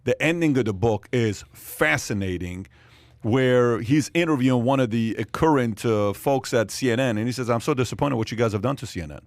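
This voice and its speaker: A man hosting a podcast who talks with brisk enthusiasm in a casual panel discussion. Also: mid-range voice, dry recording. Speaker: podcast host.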